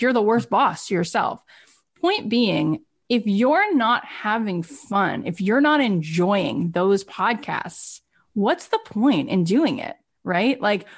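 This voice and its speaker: Emphatic woman coaching a guest. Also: on the low side. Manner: emphatic, repeats "right?" and "like". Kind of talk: motivational coaching chat.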